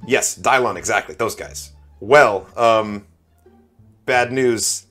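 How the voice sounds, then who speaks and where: Lively low-voiced man playing a tabletop game. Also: faint music behind. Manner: animated, laughs often, quick restarts. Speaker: player. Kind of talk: casual tabletop role-play.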